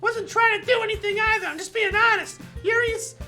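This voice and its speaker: Natsuki, a shrill, feisty girl a woman puts on. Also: fairly even intonation, brisk, bright, forceful tone, soft background music. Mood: indignant. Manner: shrill, indignant and snappy. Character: feisty, hot-tempered teenage girl in a visual novel.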